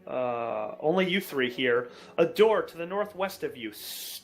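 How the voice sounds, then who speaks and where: A man running a tabletop game as dungeon master, narrating in a brisk, animated way. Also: fairly high pitch, gravelly.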